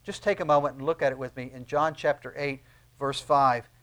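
A middle-aged man preaching a sermon, dropping to quiet, low asides and then rising to loud, emphatic peaks. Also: fairly even intonation, fairly quick. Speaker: pastor.

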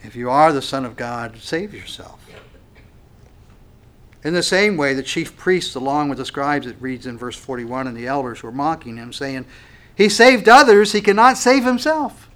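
A man preaching a sermon with passion, swinging from quiet, drawn-out phrases to loud, stressed lines as he reads scripture aloud. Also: mid-range voice. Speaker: pastor.

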